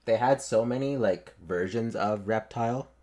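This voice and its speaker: Low-pitched male co-host, relaxed wry movie talk. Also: normal speed, highs cut off. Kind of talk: casual movie review chat.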